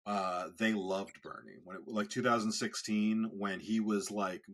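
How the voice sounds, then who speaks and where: A man's voice: lowish voice, a little slow. A man co-hosting a podcast in casual chat, rambling and often restarting his sentences. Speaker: podcast co-host.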